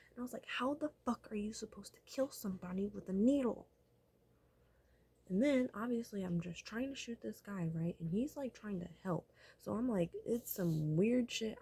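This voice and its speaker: A woman's voice: medium pitch, vocal fry, dark tone, slightly rough. A woman telling a dream in a casual vlog, rambling and swearing, often dropping to a whisper.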